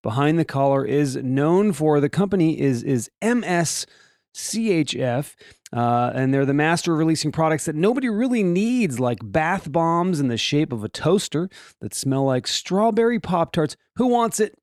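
Male host, fairly high voice with a bouncy delivery, reads quirky news items with wisecracks, dry close sound. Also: normal speed, no echo. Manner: animated, with joking asides and rhetorical questions. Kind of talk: comedic reading of offbeat news stories.

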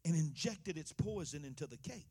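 A man preaching a sermon in a church. He swings from loud, impassioned passages to hushed ones. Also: on the high side, animated, moderate pace, breathy edge. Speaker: pastor.

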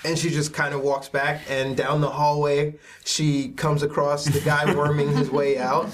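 A man running a tabletop role-playing game, narrating scenes in a relaxed, rambling way with many fillers. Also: on the high side, measured pace, a little hiss or hum. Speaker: game master.

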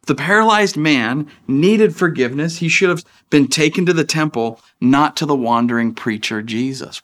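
A man's voice: on the high side, normal speed, few pauses, fairly bright tone. A man in his thirties preaching a sermon as pastor, in a casual, chatty way that acts out the people he quotes.

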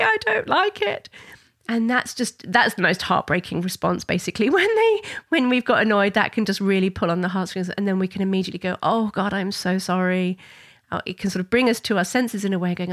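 A middle-aged woman talks parents through everyday situations at an easy conversational pace. Her voice sits at a medium pitch, and she explains things plainly and in a personal way, like a parenting educator speaking to camera. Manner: warm conversational explaining, acts out child voices in high pitch. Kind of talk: talking-head parenting advice.

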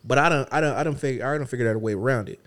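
A man co-hosting a podcast, chatting casually in loose slang, telling animated stories with acted-out quotes. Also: mid-range voice, racing. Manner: loose slangy speech with restarts. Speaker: podcast co-host. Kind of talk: casual chat.

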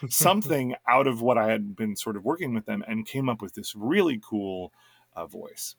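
A man co-hosting a casual chat about running tabletop games, animated and often restarting his sentences. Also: fairly low pitch, moderate pace, creaky, no room sound. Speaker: game master and co-host.

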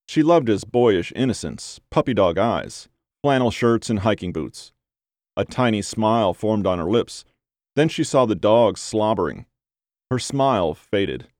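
Male storyteller, low-pitched, measured and deliberate, dry recording. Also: a little mellow, no echo. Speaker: narrator. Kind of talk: scripted story narration.

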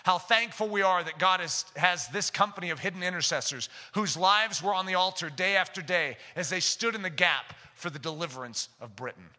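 A man preaching a sermon who builds to impassioned, shouted prayer. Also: high voice, brisk, hardly any pauses. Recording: long hall reverb.

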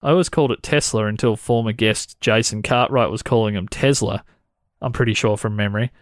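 A man's voice: lowish voice, fairly even intonation, fast, dry recording, clean studio sound. A man co-hosting a podcast in casual chat, laid-back and jokey. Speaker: podcast co-host.

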